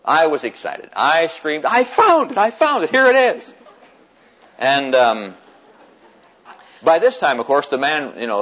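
An older man from the United States recounts a story with animated energy, often chuckling and acting out the voices of people he met. His voice sits at an ordinary pitch for a man. The recording sounds dull and lo-fi. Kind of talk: personal storytelling to an audience.

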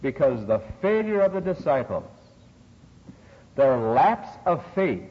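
Slow and a little high, this older man's voice swings widely in pitch as he preaches an expository sermon. He hits key words emphatically and climbs sharply on scripture quotes, all captured in a muffled, lo-fi recording echoing through a hall.

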